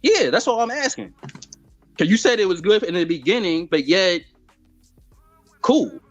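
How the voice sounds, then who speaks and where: A man's voice: high voice, lively intonation, normal speed, soft background music. A man co-hosting a podcast, pressing a question over and over in a heated debate. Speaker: podcast co-host. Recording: dull lo-fi sound.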